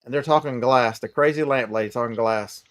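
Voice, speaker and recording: A man's voice: mid-range voice, a little fast, fairly bright tone, no echo, clean studio sound. A man with a Southern American accent, chatting casually and emphatically on a live stream, often repeating himself for emphasis.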